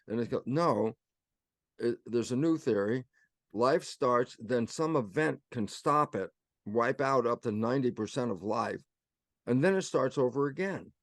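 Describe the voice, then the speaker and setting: Older male guest, lively explainer who acts out imagined exchanges, mid-pitched voice, dry close sound. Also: no echo. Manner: animated storyteller acting out both sides of imagined exchanges. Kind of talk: casual conversational explanation.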